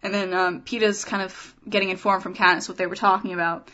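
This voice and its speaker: A woman's voice: medium pitch, level tone, fast talker, bright, forceful tone. Giggly woman rambling through a podcast. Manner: giggly, rambling with many fillers. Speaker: podcast co-host. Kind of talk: casual chat. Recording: dull lo-fi sound with background noise.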